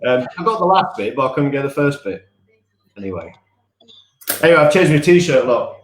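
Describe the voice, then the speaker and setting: A man's voice: mid-range voice, very animated, normal speed, reverberant, slight background noise. A man co-hosting a casual live-stream podcast from home, chatty and rambling, often laughing at himself. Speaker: podcast co-host.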